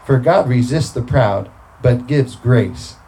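A man's voice: mid-range voice, takes it slowly, warm tone, a little hiss or hum, poor audio. A man preaching a sermon, talking through scripture in a conversational way and breaking into emphatic bursts.

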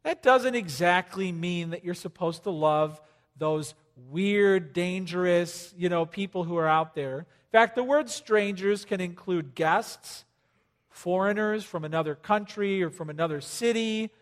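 Man, pastor, sermon, high voice, casual jokes, loud emphatic peaks, long hall reverb. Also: unhurried. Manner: conversational, joking, rising to loud emphasis.

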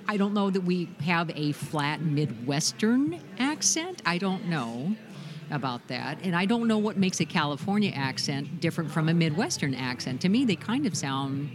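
A woman from Minnesota, a former news anchor, talking casually and reflectively with many fillers. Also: low voice. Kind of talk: casual interview talk.

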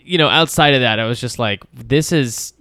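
A man on a casual film podcast, talking in an animated, rambling way with plenty of fillers and restarts. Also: medium pitch, fast talker, clear, resonant tone, no echo, studio quality. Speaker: podcast co-host.

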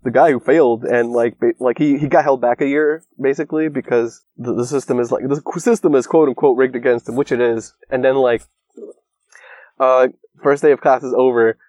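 A man's voice: medium pitch, steady tone, fairly quick, darkish tone, dry recording. A young man in casual chat, rambling and swearing through a story recap full of filler words. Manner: rambling, profane, lots of filler "like".

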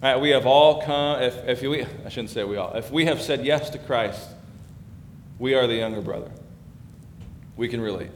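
Guy pastor giving a sermon, chatty then emphatic, roomy hall sound with a faint rumble under it. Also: normal speed. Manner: conversational, emphatic preaching that builds in force.

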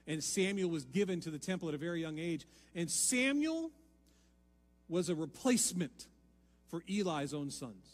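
A male pastor delivers a sermon in a dynamic way, dropping to hushed lines and then rising to loud, emphatic appeals. His voice sits high for a man. The sound carries a long hall reverb with faint music underneath. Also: animated, normal speed. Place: church sanctuary.

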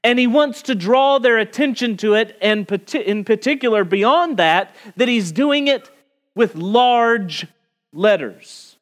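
A man preaching an expository sermon, emphatic, rising on key words and slowing down to stress them. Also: sits high, lively intonation, a bit bright.

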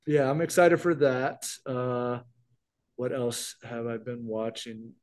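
A middle-aged podcast co-host chats casually, rambling and restarting often. His medium-pitched voice is level in tone and slow-paced.

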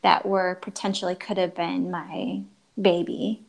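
A woman's voice: lowish voice, flat delivery, unhurried, creaky, rough recording. A woman in her thirties, a guest telling an emotional personal story in earnest, acting out quoted dialogue and often restarting her sentences.

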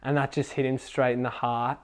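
A young man telling a faith testimony at a casual youth gathering, excitable and full of fillers. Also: medium pitch, fairly quick, smooth. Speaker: youth group speaker.

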